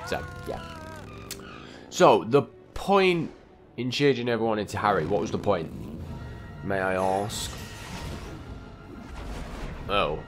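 A young man talks over a game in a low voice, chatty and quick to exclaim at what happens on screen. Faint game music plays underneath him. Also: animated. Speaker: gameplay commentator. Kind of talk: casual let's-play commentary.

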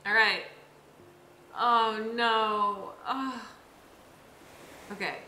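A woman's voice: medium pitch, lively intonation, slow pace, bright, forceful tone, reverberant, a little hiss or hum. A young woman streaming a game live, chatting with viewers and sounding exasperated.

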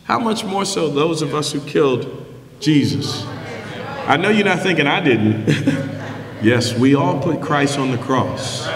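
A man preaching a sermon as pastor, emphatic and building to shouts, with call-and-response questions to the congregation. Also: on the high side, lively intonation, measured pace, crowd noise. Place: church sanctuary. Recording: echoey hall reverb.

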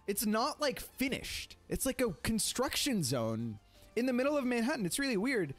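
Young guy with a high voice rambling thru a story on stream, says like a lot, faint music under it. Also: moderate pace. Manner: rambling, animated, heavy filler "like", swears. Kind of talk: casual storytelling on a livestream.

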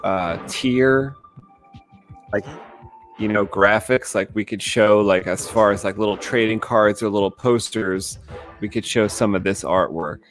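Lowish-voiced man, halting chatter. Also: soft background music. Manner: halting, filler-heavy talk. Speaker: comic artist co-host. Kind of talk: casual livestream chat.

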